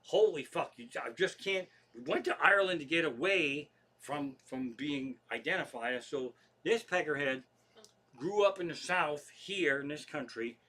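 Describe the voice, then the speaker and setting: A man's voice: a little high, animated, moderate pace, sharp tone. A middle-aged man with a Pennsylvania accent, a comedian telling loose, profane stories on a livestream from his living room. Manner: profane, chatty, loose asides. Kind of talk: rambling comic storytelling.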